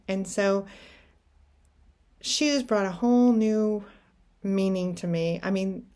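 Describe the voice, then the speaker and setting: A middle-aged woman with a slightly gravelly voice tells a personal story at a mid pitch. She is reflective and anecdotal, often restarting her sentences as she talks. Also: a little mellow. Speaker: podcast host.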